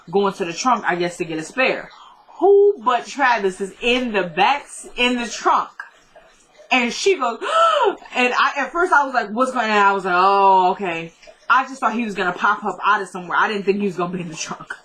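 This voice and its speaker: Young woman recapping a tv episode, chatty and animated, talks to her viewers like friends. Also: a little high, poor audio. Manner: chatty, animated retelling with quoted dialogue. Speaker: TV recap vlogger.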